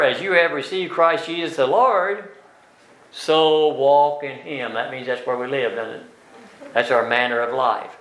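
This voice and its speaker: Man teaching bible class, slow with lots of uh's and tag questions, echoey room. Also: medium pitch, pushed and bright. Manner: slow and deliberate, with many fillers, tag questions and emphatic scripture readings.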